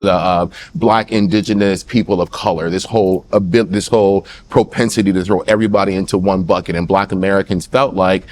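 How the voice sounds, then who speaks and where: A man in a podcast discussion, speaking in a measured, explanatory way. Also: low-pitched, steady tone, a little mellow, slight background noise. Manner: measured, explanatory, agrees often. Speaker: podcast guest.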